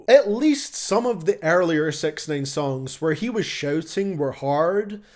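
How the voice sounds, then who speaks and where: A young man reads out a scripted album review with a blunt, sarcastic edge. His voice sits a bit high and swings widely in pitch, giving the delivery a lively, animated bounce. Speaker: music reviewer.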